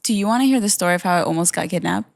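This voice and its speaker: A woman's voice: lowish voice, very fast, gravelly, heavy background noise. A young woman co-hosting a podcast, telling a story in casual chat, full of fillers like "like" and "literally". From from a Russian family. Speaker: podcast co-host.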